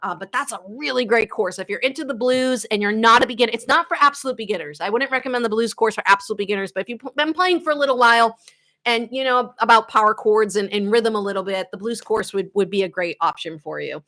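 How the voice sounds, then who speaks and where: Chatty female guitar teacher, Boston accent, bright tone, laughs easily. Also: fairly high pitch, fast. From Boston area, USA. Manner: chatty, animated, laughs often. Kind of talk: live-stream Q&A chat.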